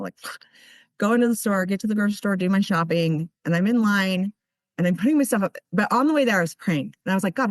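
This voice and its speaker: A woman's voice: lowish voice, no echo. A woman giving earnest, heartfelt personal testimony at a recovery meeting, telling her story with many restarts.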